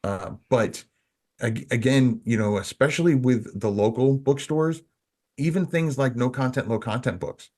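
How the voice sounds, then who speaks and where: A man's voice: mid-range voice, measured pace, darkish tone. A man co-hosting a podcast, talking casually and rambling, full of restarts and "you know". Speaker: podcast co-host.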